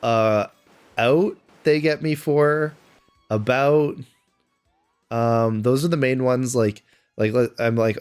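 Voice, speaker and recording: A man's voice: medium pitch, steady tone, takes it slowly, long pauses, a little mellow, clean tone, faint music behind. A man with a Canadian accent, chatting casually on a live stream and answering viewers' questions aloud. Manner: chatty, answers chat questions aloud between game moments.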